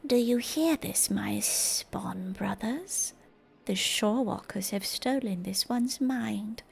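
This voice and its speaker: A woman voicing a zealous, scornful male fish-man warrior from a game, in a slow, menacing, raspy half-whisper. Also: medium pitch, heavily acted. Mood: defiant. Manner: slow, menacing, drawn-out delivery. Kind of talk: reading game dialogue aloud in character.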